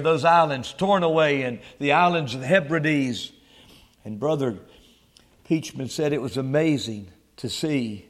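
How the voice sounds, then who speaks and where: A male preacher delivering a sermon, swelling into loud emphatic peaks and dropping to a low, quiet tone. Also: big-room sound.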